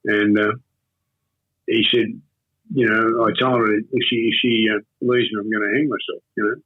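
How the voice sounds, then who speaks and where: An older man with an Australian accent, telling a long story in an interview in a rambling, halting way with many fillers and restarts. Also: lowish voice, flat delivery, slightly rough. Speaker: interview guest. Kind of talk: casual storytelling. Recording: tinny phone-like audio.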